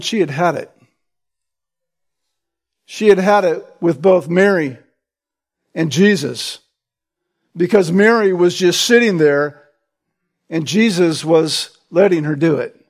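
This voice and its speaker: A man preaching a sermon, emphatic, often checking in with his listeners with a quick "right?" and restarting words as he presses a point. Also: high-pitched, expressive.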